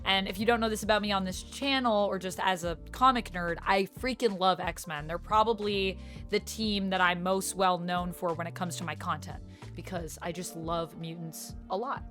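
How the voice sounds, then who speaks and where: A woman's voice: lowish voice, fairly even intonation, normal speed, fairly bright tone, soft background music. A woman YouTuber chatting casually in a reaction vlog, gushing as a self-described fan.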